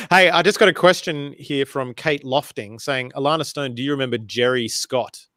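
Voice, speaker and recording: A man hosting a casual chat, telling self-deprecating stories with animated energy. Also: medium pitch, moderate pace, dry recording, clean studio sound. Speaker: host.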